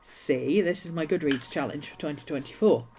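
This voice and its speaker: A woman's voice: deep voice, normal speed, loud music behind the voice. A woman hosting a casual journaling vlog, chatting in a meandering way with many restarts while a nagging cough keeps bothering her. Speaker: journaling video host. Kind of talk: casual rambling vlog chat.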